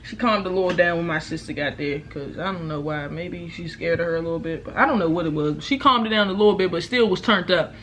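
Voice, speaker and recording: A young woman vlogger, telling a storytime in casual, profane talk, loudly acting out what people said. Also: fairly low pitch, fast talker, few pauses, slight background noise. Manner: animated, profane, acts out quotes loudly. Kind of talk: casual storytime while eating.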